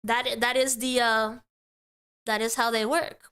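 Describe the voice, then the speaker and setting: A woman's voice: fairly high pitch, little pitch movement, a little slow, a bit bright, smooth. A woman hosting a casual commentary show, talking things through in a chatty way and often tagging her points with a question. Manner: chatty, keeps asking "right?". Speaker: commentary host.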